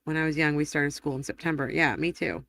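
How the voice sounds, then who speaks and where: A woman hosting a casual live stream, rambling through viewer comments with quick laughs and self-corrections. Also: low-pitched, fairly even intonation, gravelly, a bit bright, no echo. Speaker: livestream host. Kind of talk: casual livestream chat, reading viewer comments aloud.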